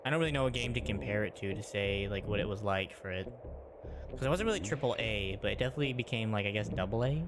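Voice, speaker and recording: Low-voiced man streaming a game. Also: fast talker, background noise. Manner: rambling, chatty. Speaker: gaming streamer. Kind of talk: casual gameplay commentary. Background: game music.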